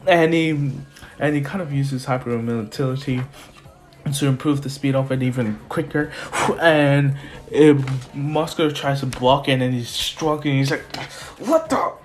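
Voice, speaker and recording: A man's voice: medium pitch, fairly even intonation, normal speed. Rambling casual male storyteller. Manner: rambling, with fillers and self-corrections. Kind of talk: casual fan-story retelling. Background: faint lofi music.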